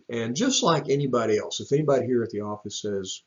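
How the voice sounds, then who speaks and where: A man's voice: medium pitch, quick pace, hardly any pauses, muffled recording. A man from a church staff giving casual advice to parents in a video, rambling with many ums and restarts.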